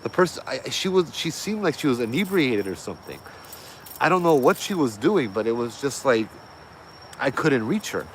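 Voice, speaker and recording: Very animated and speaking at a normal pace in a medium-pitched voice, a middle-aged man casually spins a loose ghost story, using fillers and correcting himself along the way. The recording is low quality, with some faint background noise.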